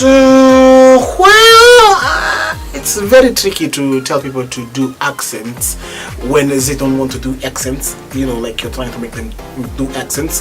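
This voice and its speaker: A gospel singer from East Africa, a man, telling stories animatedly in an interview, bursting into loud exclaims when excited. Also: mid-range voice, takes it slowly, music in the background.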